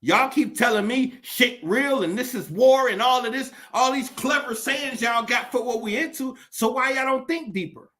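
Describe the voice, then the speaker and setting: Male commentator, high-pitched and bright, profane and impassioned, preaching in rhetorical questions. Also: moderate pace, hardly any pauses. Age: adult. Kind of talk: impassioned monologue.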